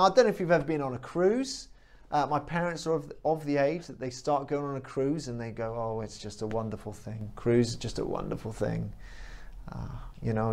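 A man preaching a sermon, animated and emphatic, with frequent fillers. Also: a little high.

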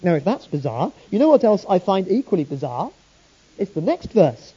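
Husky, very dark-voiced preacher. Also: mid-range voice, sing-song, moderate pace, dull audio. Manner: rhetorical questions, earnest storytelling. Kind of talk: sermon.

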